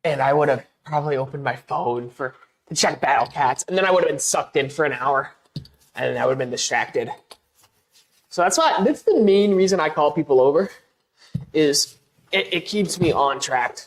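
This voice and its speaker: While painting a wall on a live stream, a low-pitched woman talks with her audience in an animated way at a normal speed. The chat is casual and rambling, full of restarts, and she laughs at herself easily.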